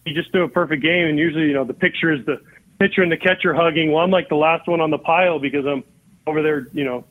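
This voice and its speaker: A man's voice: a little high, fast talker. A man in his forties, a podcast guest and former baseball catcher, telling a long story and acting out both sides of old conversations. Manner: animated, acts out both sides of remembered dialogue. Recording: phone-like narrow-band line.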